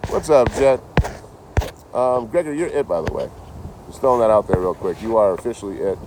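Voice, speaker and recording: A man chatting casually to his livestream chat outdoors, telling stories in an animated, swearing way. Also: lowish voice, quick pace, background noise. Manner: animated, swears a lot, talks to chat by name.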